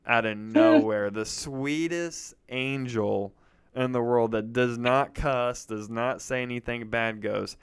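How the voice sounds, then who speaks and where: A young man co-hosting a podcast, telling family stories in a casual, animated way. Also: slow pace, clean tone. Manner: animated storyteller, jumps into loud high-pitched impressions. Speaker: podcast co-host. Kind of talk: casual storytelling chat.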